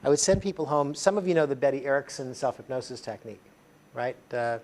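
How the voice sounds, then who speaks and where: Guy running a training workshop, chatty, lots of "you know", mid-pitched ordinary voice, talking to a room. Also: lively intonation, fast talker, a little mellow. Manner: conversational, chatty, frequent fillers. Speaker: NLP trainer. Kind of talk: workshop teaching.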